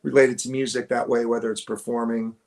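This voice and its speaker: A man's voice: mid-range voice, level tone, fairly quick, a little mellow. A male musician talking casually in an interview, hesitant, with many restarts and fillers, close to the camera at home. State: morning voice. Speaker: musician guest. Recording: clear guitar music behind.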